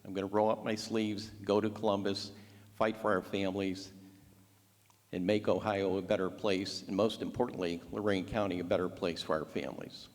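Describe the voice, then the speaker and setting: Forceful low-voiced male candidate. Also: flat delivery, moderate pace. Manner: forceful, punchy campaign rhetoric. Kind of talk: closing statement speech. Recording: long reverb of a hall.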